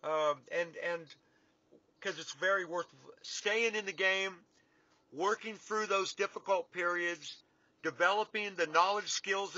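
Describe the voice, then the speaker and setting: A middle-aged business coach speaks to camera in a casual, earnest, folksy motivational talk for his clients, his slightly high voice sounding pushed and bright. He repeats points for emphasis, and the recording is dull, lo-fi, and dry with no echo.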